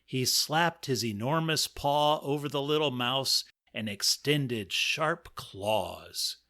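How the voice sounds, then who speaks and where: A man hosting a comic story podcast, narrating in a dry, measured way with playful emphasis. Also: medium pitch, bright, forceful tone.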